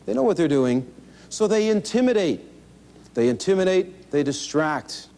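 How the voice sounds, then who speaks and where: A man with a notably high-pitched voice teaches card counting in a folksy, animated way. He mixes plain step-by-step instruction with self-deprecating jokes, and the sound comes off an old 1980s instructional tape. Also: normal speed. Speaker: blackjack instructor. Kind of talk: instructional video talk.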